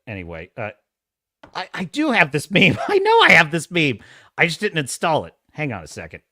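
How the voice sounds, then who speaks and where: A man's voice: a little high, bright, forceful tone, dry recording, clean studio sound. A man hosting a podcast, reacting to video clips with sarcastic, exasperated ranting and frequent laughter.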